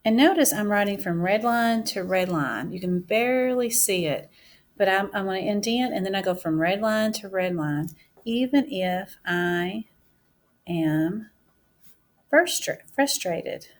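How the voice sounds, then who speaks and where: In this classroom writing mini-lesson, the teacher is a woman who pronounces each word aloud as she writes, keeping her delivery slow and deliberate. Her mid-range voice is expressive.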